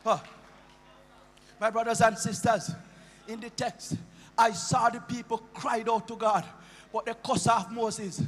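Jamaican man preaching, very high voice, bright and tense, impassioned chanted shouting, faint music behind. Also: little pitch movement, a little slow, long pauses, in a large hall. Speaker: preacher, bishop. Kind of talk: sermon. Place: church sanctuary.

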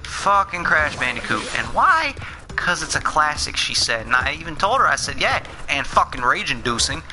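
A man's voice: fairly high pitch, very animated, moderate pace, background noise. Worn-out ranting young man streamer. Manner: exasperated, ranting, swearing. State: frustrated and worn out. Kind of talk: live gameplay commentary.

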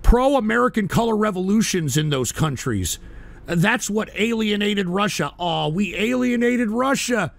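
Gravelly, ranting male show host. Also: sits high, expressive, measured pace. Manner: heated, profane, stumbling restarts. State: agitated, shouting at times. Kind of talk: angry political rant reading chat.

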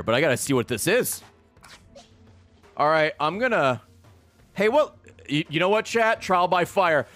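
A male streamer in excitable, profane gaming commentary who laughs often. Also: a little high, measured pace, long pauses, faint music behind.

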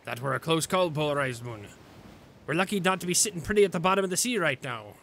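A man's voice: a little high, lively intonation, fast talker, gravelly, a bit bright, slight background noise. A man voicing a salty pirate captain in a growly pirate drawl, reading game dialogue. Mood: gruff. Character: gruff male pirate captain, salty and stern.

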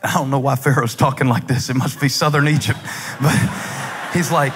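A male pastor with a husky, fairly high voice delivers a fervent sermon, mixing humor with sudden shouted lines. His voice rings out through a large auditorium with a long hall reverb. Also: quick pace.

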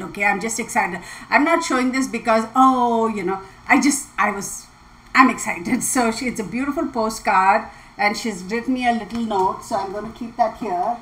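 A woman host, chatting casually on a livestream, bubbly and excitable, laughing often. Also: a little high, poor audio. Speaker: tarot channel host.

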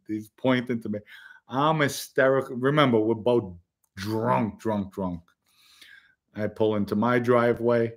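A man's voice: mid-range voice, a bit bright. A man from the Bronx, casually telling blunt, profane stories on a podcast and laughing at his own jokes. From the Bronx, New York. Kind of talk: casual storytelling chat.

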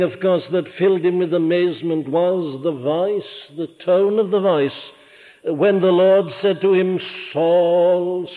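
An older man with a Welsh accent preaching a sermon, earnest and fervent, rising in emphasis and dropping low for quiet lines. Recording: tinny archival church sermon recording with long hall reverb.

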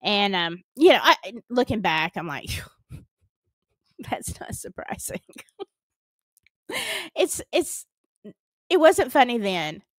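A woman's voice: on the high side, big pitch swings, takes it slowly, pauses often, a bit bright, no echo. A middle-aged woman with a Southern US accent, earnestly and dramatically retelling a personal story on her vlog. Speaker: storytime vlogger.

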